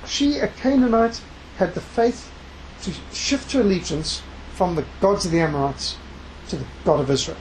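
An emphatic preacher delivers a sermon in a mid-range voice, weaving scripture readings into the message. Key phrases are drawn out slowly for weight. Faint background noise sits under the voice. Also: mid-range voice, a little mellow, rough recording. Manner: emphatic, slows down to stress key words; reads scripture aloud within the talk. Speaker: preacher and missionary.

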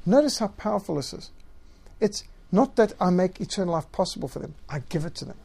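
A man's voice: sits high, animated, a little fast, gravelly, a little mellow, breathy edge. Emphatic male Bible teacher. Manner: emphatic, reads scripture aloud and stresses key words. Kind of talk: theology teaching.

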